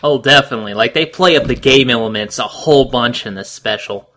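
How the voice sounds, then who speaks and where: A man co-hosting a casual watch-along commentary, animated and jokey, swearing casually. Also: medium pitch, brisk. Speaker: commentary co-host.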